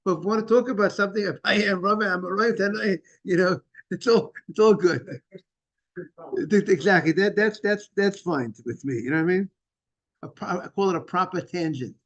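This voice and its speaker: A man teaching a Talmud class in a casual, halting way, repeating words and restarting sentences while greeting students. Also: sits high, a bit bright, highs cut off. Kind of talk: informal Talmud lesson.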